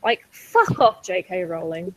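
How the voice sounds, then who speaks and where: A woman's voice: lowish voice, animated, measured pace, no room sound, poor audio. A woman on a podcast in casual chat, ranting in an exasperated, sweary way. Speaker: podcast co-host.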